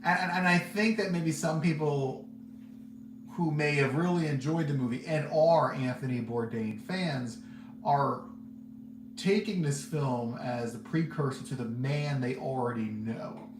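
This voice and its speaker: A man's voice: mid-range voice, unhurried. A man hosting a podcast, giving casual, candid movie reviews in a rambling way and laughing often. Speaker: podcast host reviewing films. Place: seated indoors. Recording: roomy echo, faint background hum.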